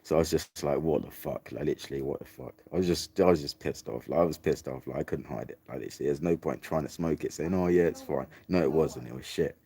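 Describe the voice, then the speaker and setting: Deep-voiced sweary young man. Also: fast, hardly any pauses, mellow, breathy edge. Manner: sweary, rambling, repeats "like, literally" and "mate". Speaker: storyteller. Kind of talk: casual storytelling.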